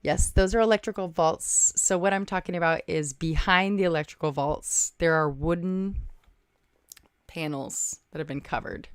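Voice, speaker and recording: A woman with a lowish, smooth voice speaks at a normal speed while hosting a relaxed livestream, thinking aloud, reading comments, and thanking viewers by name. The recording is dry and studio quality.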